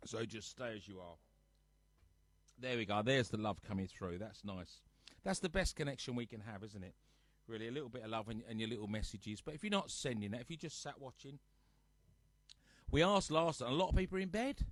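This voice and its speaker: A man hosts a casual live music stream from his sofa at home, greeting viewers by name and ribbing them good-naturedly. His voice sits at an ordinary middle pitch. The sound is dry and close, with no room echo. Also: a little fast. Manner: chatty, teasing, reads out viewer comments.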